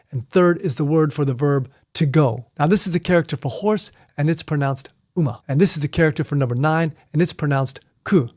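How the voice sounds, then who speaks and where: A man's voice: fairly high pitch, darkish tone, no room sound, clean studio sound. A middle-aged man, a martial arts instructor, explaining things in a casual, playful way with joking asides.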